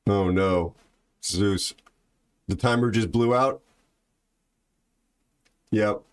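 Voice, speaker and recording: Casting: deep-voiced male livestream host, loose and chatty, joke-teller. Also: slow pace, long pauses, clean tone. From aviation background. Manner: chatty, tells jokes, reads chat aloud. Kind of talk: casual livestream chat.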